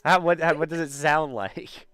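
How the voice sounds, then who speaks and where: A man's voice: on the high side, steady tone, normal speed, a bit bright, smooth, no room sound. A man hosting a casual chat show, talking chattily with many fillers and frequent laughs. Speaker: host.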